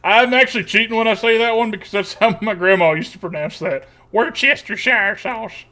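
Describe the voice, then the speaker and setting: A man comments on his card game live, talking in a put-on folksy country twang. His voice sits fairly high for a man. He keeps slipping joking, self-deprecating asides in between plays. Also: quick pace, pushed and bright. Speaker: streamer.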